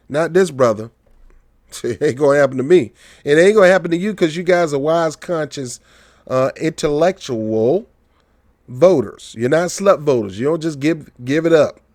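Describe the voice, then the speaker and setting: A man's voice: on the high side, no echo, studio quality. A man giving casual political commentary on his own channel, joking and mocking as he tells stories. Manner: joking, mocking, animated storytelling.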